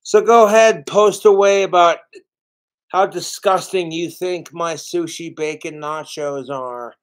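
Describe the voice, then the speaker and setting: A middle-aged man streaming live, rambling slowly and swearing a lot as he talks about his fans and cooking. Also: on the high side. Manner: slow, profane, rambling. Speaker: livestreamer. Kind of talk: rambling livestream monologue.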